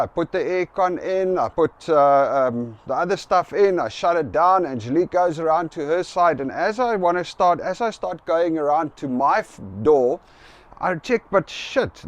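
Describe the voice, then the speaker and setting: A middle-aged man with a South African accent tells a story straight to camera in a casual, chatty way. His voice sits a little high for a man. He gets animated as he acts out both sides of an argument. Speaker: vlogger.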